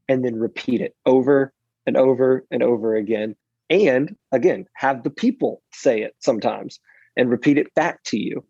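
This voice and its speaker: A man who speaks and preaches for a living, answering interview questions in an animated, self-deprecating way with frequent restarts. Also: medium pitch, moderate pace, slightly rough, dry recording, highs cut off.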